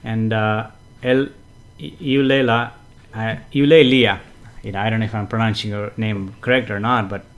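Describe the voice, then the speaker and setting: A man hosting a casual live stream, greeting viewers and reading their comments, chatty and gently explanatory with frequent fillers and soft chuckles. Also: fairly low pitch, fairly even intonation, normal speed. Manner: gently explanatory, repeats himself for emphasis. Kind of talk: casual live-stream chat with spiritual teaching.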